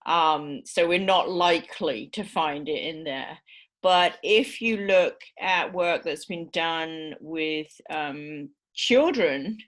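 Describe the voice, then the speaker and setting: Slow, low-voiced woman lecturing. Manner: explanatory, checks in with "right?" tags; frequent filler "um" and small restarts. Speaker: university lecturer. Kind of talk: recorded university lecture.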